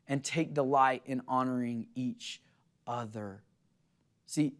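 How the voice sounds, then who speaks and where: A young adult man preaching a sermon, earnest and animated, acting out quotes in an excited voice as he tells stories. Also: on the high side. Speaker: pastor.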